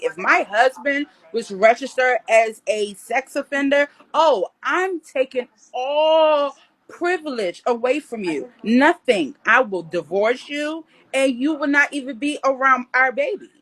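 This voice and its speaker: A woman's voice: a little high, a bit bright, poor audio. A woman talking as a guest on a casual livestream, bluntly and indignantly, with frequent swearing.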